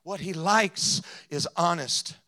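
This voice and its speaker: Pastor, male, high and forceful voice, impassioned sermon that drops to quiet asides. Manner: impassioned preaching, swinging between loud emphasis and quiet asides; slows down to read scripture.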